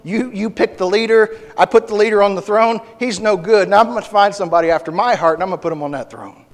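A man's voice: high-pitched, fast, long reverb tail, natural voice. A man preaching who paraphrases a stern, decisive deity in firm, declarative statements.

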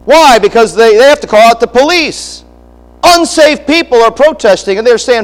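A middle-aged man preaching with a notably high voice. He speaks emphatically in a preacher's cadence, restarting phrases and throwing in asides to his congregation. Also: expressive, normal speed, long reverb tail, rough recording. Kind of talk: sermon.

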